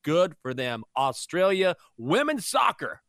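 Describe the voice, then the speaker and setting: A man co-hosting a sports talk show, giving playful opinions in a relaxed way. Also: on the high side, a little slow, no room sound, clean studio sound. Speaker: co-host.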